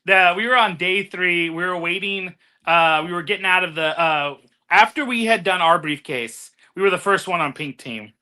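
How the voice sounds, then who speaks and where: A man in casual group chat, telling animated stories and laughing often. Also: high-pitched, normal speed. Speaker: guest contestant.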